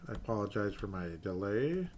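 A man's voice: on the low side, normal speed, darkish tone, slight background noise. A man hosting a casual sports talk stream, reading viewer comments and rambling through self-mocking asides. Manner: rambling, self-deprecating, drops to mumbling asides.

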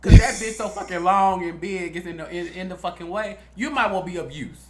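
A young man co-hosting a podcast, chatting casually and telling profane, animated stories. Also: sits high, brisk, roomy sound, very noisy. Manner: animated storytelling, profane and playful. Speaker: podcast co-host.

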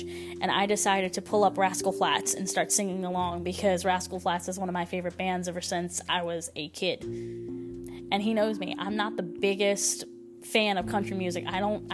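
A woman hosting a solo spiritual podcast, talking in a gentle, reflective and encouraging way. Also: fairly low pitch. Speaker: podcast host. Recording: voice over clear background music. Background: instrumental music.

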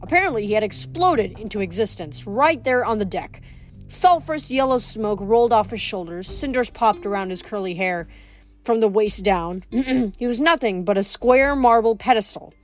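A woman reads a novel aloud at a steady, careful pace, with small restarts. Her pitch sits in an average middle range. Soft music plays faintly beneath her. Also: normal speed. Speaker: teacher reading aloud.

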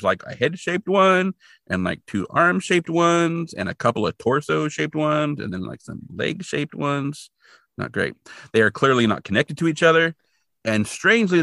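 A man's voice: mid-range voice, no room sound. A man co-hosting a podcast, casually retelling a TV episode with lots of "like" and acted-out quotes. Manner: animated, filler-heavy retelling with voiced quotes. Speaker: podcast co-host. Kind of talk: casual recap chat.

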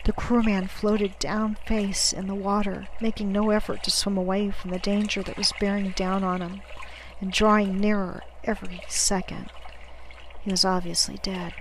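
A woman narrates an audiobook in the first person, her voice sitting in a plain middle register. Her delivery is measured and dramatic, and it sinks to a near-whisper when the tension builds, over faint background noise. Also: medium pitch, flat delivery, rough recording. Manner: measured, dramatic, dropping to a hush at tense moments.

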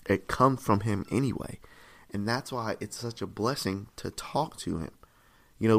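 A man preaching a sermon in a conversational, repetitive way, often checking in with "right?" and rising in pitch and volume to stress a point. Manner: rises in pitch and volume for emphasis.

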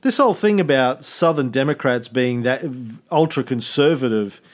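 A man's voice: mid-range voice, animated, moderate pace. A man co-hosting a history podcast, explaining events in a casual, rambling way with many fillers and self-corrections. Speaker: podcast co-host.

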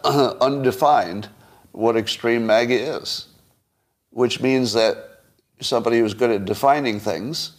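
Wry man musing on the news. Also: fairly low pitch. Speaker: podcast host. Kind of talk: solo political commentary.

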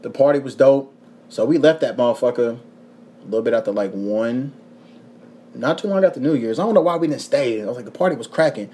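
Profane, animated man from Kentucky. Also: mid-range voice, brisk, slight background noise. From Kentucky, USA. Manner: profane, animated storytelling with voiced quotes. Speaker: podcast host. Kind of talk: casual storytelling chat.

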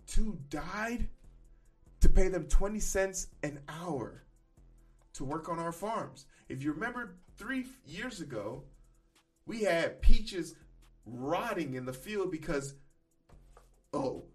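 Blunt, profane podcast host ranting. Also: male voice, high voice. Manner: blunt, profane, riffing with loud emphatic bursts. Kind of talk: casual opinion commentary.

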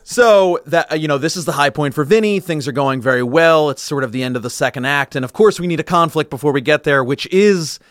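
A man's voice: a little high, lively intonation, a little fast, hardly any pauses, no echo, clean studio sound. A man co-hosting a casual film discussion, rambling and correcting himself as he acts out quotes. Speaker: podcast co-host.

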